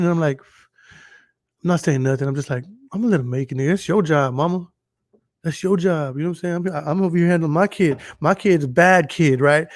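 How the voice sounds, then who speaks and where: A man's voice: a little high, creaky, no room sound, studio quality. A young man from Dallas, hosting a podcast in casual chat, telling stories with lots of swearing and acting out what people said. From Dallas, Texas. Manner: animated storytelling, profane, acts out quotes. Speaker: podcast host.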